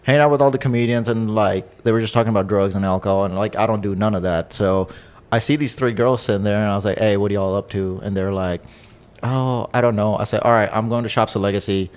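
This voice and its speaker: A young man, a stand-up comedian and podcast guest, telling crude stories in a relaxed, profane way and laughing as he goes. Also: fairly low pitch, fast, clean tone. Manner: laid-back, profane, laughs through his stories. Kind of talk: casual storytelling chat.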